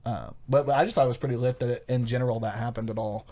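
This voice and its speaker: A man's voice: mid-range voice, steady tone, fast talker, mellow. A man co-hosting a podcast in casual, laid-back chat, cursing freely and plugging local events. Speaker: podcast co-host.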